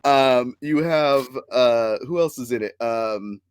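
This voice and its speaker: A man's voice: mid-range voice, slow pace, smooth, dry recording. A man hosting a casual live-streamed nerd podcast, upbeat and chatty, laughing often and using fillers. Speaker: podcast host.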